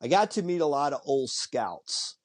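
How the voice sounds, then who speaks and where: His voice sits on the high side and moves at a normal speed. As a podcast guest in relaxed conversation, he narrates anecdotes animatedly, imitating the people he quotes.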